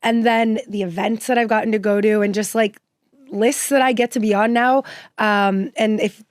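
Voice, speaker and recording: A woman guest on a podcast, telling stories in a casual, animated way and filling her speech with "like". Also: medium pitch, normal speed, no room sound, clean studio sound. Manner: chatty, heavy use of "like" fillers; animated, enthusiastic storyteller. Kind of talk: casual storytelling chat.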